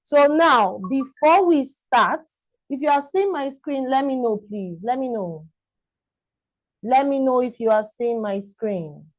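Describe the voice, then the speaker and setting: A woman's voice: fairly high pitch, lively intonation, unhurried, warm tone, no echo, low-quality recording. A woman teaching a live-streamed online class, enthusiastic and repetitive, greeting viewers by name.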